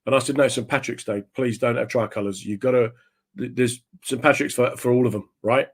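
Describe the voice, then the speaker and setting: A man's voice: mid-range voice, fairly quick. A man who is a stand-up comedian, telling comic anecdotes as a guest and slipping into the voices of the people in them. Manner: animated, slips into voices of the people in his stories.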